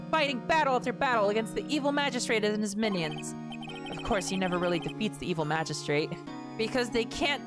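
A woman streaming a video game, reading its dialogue aloud and commenting irreverently, swearing freely. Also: mid-range voice.

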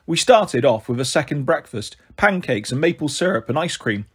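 A man reading a children's novel aloud in steady first-person narration. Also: a little high, moderate pace, husky. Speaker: storyteller.

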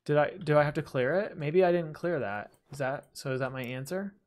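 In a somewhat high voice and at a fairly quick pace, a man hosts a casual let's-play video, chatting and talking to himself as he plays and joking self-deprecatingly about his errors.

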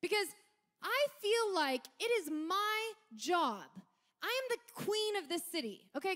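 A young adult woman preaching a sermon in an animated, lively storytelling manner, at times shouting punchlines. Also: very high-pitched.

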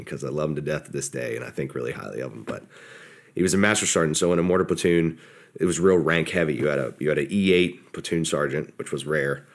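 Deep-voiced man telling a story. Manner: relaxed, self-deprecating, quotes others in their voices. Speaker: podcast guest, former soldier. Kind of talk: casual storytelling.

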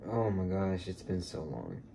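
Male vlogger, low gravelly voice, gushing and excitable, faint background hiss. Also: a little slow. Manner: heartfelt, sincere sign-off. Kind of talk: casual food vlog.

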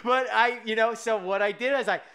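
A podcast host telling a funny story in a casual, animated chat, often laughing as he talks. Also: sits high, brisk, a loud crowd.

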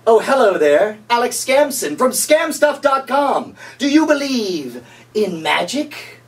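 A man hamming up a booming infomercial huckster. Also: very animated, recorded from a distance, full character voice. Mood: hammy. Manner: booming, drawn-out salesman delivery. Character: over-the-top male infomercial pitchman, huckster.

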